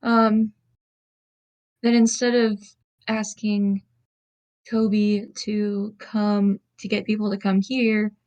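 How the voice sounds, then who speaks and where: A woman playing a tabletop role-playing game, talking in a casual, unhurried way. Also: medium pitch, level tone, a little mellow, lo-fi sound. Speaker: player.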